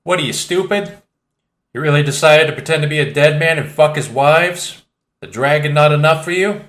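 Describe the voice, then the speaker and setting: A man's voice: medium pitch, unhurried, sharp tone. A man voicing a profane, mocking male pirate boss with an exaggerated Cockney accent, for an audiobook. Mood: menacing. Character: menacing flashy male pirate boss with cane.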